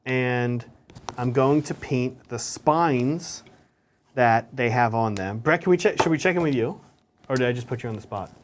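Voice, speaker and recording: Guy talking through his painting as he goes, easygoing, normal pitch. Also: moderate pace, a little hiss or hum. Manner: chatty, explains steps as he works. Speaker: co-host painting miniatures. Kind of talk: casual hobby chat while painting.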